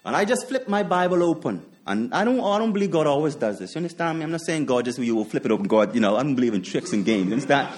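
A man's voice: mid-range voice, expressive, fast, hardly any pauses, a little mellow. A man preaching a sermon, repeating his points with emphasis, asking rhetorical questions and sharing personal stories with chuckling asides.

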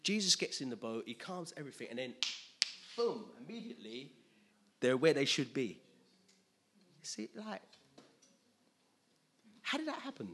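A man preaching a conversational sermon, chatty and quick to laugh, often asking listeners if they follow. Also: mid-range voice, very animated, a bit bright, slight background noise.

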